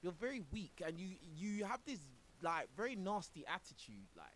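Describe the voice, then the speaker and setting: A man with a high, lively voice reacts to a clip on stream. He mocks and scolds, throwing in "bro" again and again, and often laughs between lines. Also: moderate pace, a little hiss or hum. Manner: mocking, exasperated, says "bro" a lot, laughs often. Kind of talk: reaction commentary.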